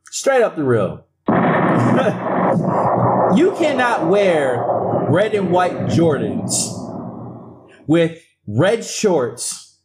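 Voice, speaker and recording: A man's voice: fairly high pitch, noisy background. A man telling a rambling story on a casual podcast, laughing often and talking in loose slang. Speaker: podcast co-host. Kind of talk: casual chat, storytelling rant.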